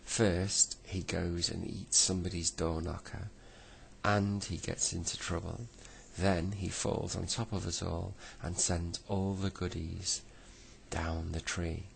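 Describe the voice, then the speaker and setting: A man's voice: deep voice, level tone, takes it slowly, gravelly, slight background noise, exaggerated voice, low-quality recording. A man voicing a gloomy, timid male storybook character who complains plaintively.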